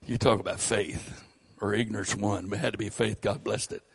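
An older man with a Southern accent preaching a sermon, rising loud and high on key phrases. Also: fairly even intonation, normal speed, creaky, slightly rough. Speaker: pastor.

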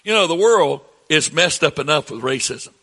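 A man in his sixties with a Southern accent preaches with a high, bright, ringing voice. His phrases surge upward for emphasis, then fall to soft, conversational asides. The sound carries the long reverb of a church hall. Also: expressive, normal speed, gravelly. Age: 60s. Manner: preaching with emphatic rises, then dropping to quiet asides to the congregation. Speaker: pastor. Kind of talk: sermon.

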